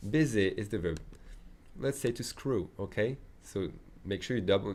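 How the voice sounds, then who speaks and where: A man teaching a French lesson, slowly modeling French phrases, adding chatty asides, and checking in with "okay?" after each point. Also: fairly low pitch, animated, darkish tone. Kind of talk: online language lesson.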